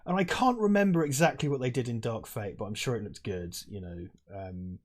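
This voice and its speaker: A man's voice: medium pitch, fairly quick. A man chatting casually over a film on a lavalier mic, rambling, swearing and laughing often. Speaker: film commentary host. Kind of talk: casual watch-along chat.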